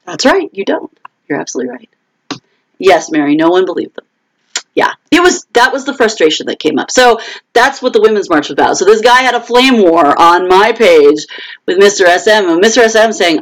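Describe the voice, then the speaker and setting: Woman host, live casual chat, very lively pitch, quick restarts, answers viewers by name. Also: rough recording. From United States. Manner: animated, quotes others in raised voices; frequent restarts and laughs. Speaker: author hosting a live chat.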